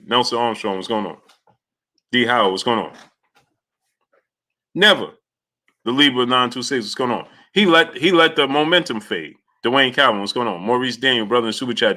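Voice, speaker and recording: A man with a lowish but bright, forceful voice hosts a boxing talk live stream. He chats loosely with viewers, and his speech is full of fillers and restarts. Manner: loose and rambling, with many filler sounds and restarts. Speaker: boxing talk show host. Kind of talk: casual live-stream chat, greeting viewers by name.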